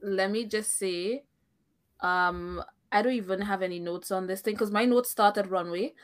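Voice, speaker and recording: A woman's voice: mid-range voice, normal speed. A woman co-hosting a casual reality-show recap, speaking her opinions firmly, thinking aloud and laughing often. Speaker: podcast co-host.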